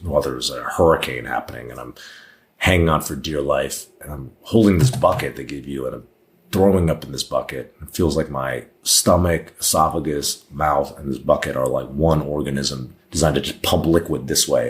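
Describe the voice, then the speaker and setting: A man's voice: extremely low pitch, fairly quick. A man in his thirties, a podcast guest, telling a personal story in a candid, rambling way with many fillers and restarts. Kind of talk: storytelling in casual conversation.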